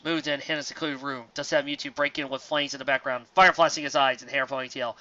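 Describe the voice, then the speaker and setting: A man's voice: medium pitch, fairly even intonation, fast talker. A man doing a comedic dramatic reading of a fan fiction, breaking off into exasperated rants. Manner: exasperated, yelling outbursts between mock-serious reading. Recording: dull lo-fi sound.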